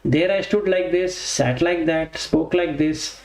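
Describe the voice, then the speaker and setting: A man's voice: fairly high pitch, fairly even intonation. Man teaching Buddhist scripture, echoey room. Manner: explains slowly, with pauses and self-corrections. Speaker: dharma teacher.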